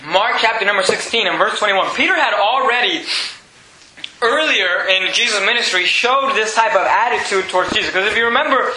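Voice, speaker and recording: A man's voice: high-pitched, fairly quick, sharp tone. A man preaching a casual, conversational sermon, paraphrasing scripture and often repeating himself. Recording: echoey room with faint noise.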